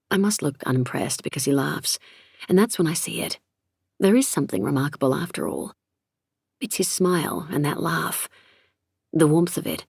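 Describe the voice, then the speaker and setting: Woman reading an audiobook, low voice with some fry, dry close mic. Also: lively intonation, a little mellow, no echo. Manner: measured, reflective. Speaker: narrator. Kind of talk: scripted first-person audiobook narration. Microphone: close studio mic.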